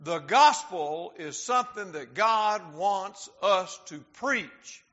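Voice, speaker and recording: High, bright-voiced man preaching a sermon. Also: animated. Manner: slows down to stress key words; talks directly to the congregation. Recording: dull lo-fi sound.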